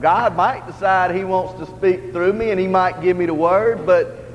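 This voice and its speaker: Captured in a dull, roomy hall recording with faint ambience, a man preaches a sermon in church as a lay preacher. His high voice moves at normal speed, earnest and conversational, and he restates his points repeatedly.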